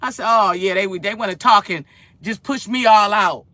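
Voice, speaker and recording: A woman's voice: mid-range voice, normal speed, dry recording. A woman, chatting casually to her viewers from her home kitchen and telling a rambling story with lots of repetition. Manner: animated, rambling storytelling with repeated phrases. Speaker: vlogger.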